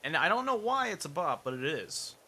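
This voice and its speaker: A man's voice: fairly high pitch, very animated, a little fast, pushed and bright. A young man chatting casually while streaming a game, rambling and poking fun at himself as he mutters along. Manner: rambling and self-mocking, mutters while playing. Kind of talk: casual gameplay chat.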